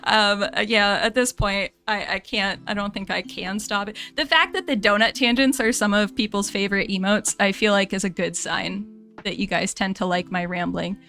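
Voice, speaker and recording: A woman's voice: mid-range voice, steady tone, moderate pace, creaky, sharp tone, soft background music. A young American woman streamer, chatting casually to her viewers, rambling and laughing and correcting herself as she goes.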